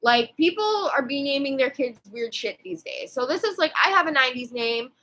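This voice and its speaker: A woman's voice: high voice, lively intonation, normal speed, sharp tone, rough recording. A woman in her twenties telling a rambling storytime rant, swearing freely and full of fillers and restarts. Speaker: vlogger.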